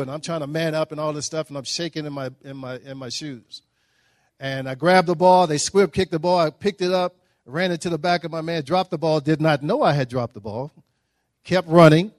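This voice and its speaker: Guy telling stories at a breakfast talk, slightly high voice, folksy and lively, dry close sound. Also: fairly quick, no echo. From Dallas, Texas. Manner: animated, folksy storytelling with acted-out quotes. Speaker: guest speaker. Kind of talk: storytelling speech at a breakfast.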